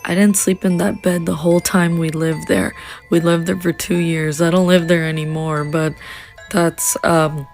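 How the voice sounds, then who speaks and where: A woman's voice: on the low side, little pitch movement, normal speed, a little mellow, soft background music. A young woman from Canada casually telling a personal ghost story, rambling with fillers and restarts.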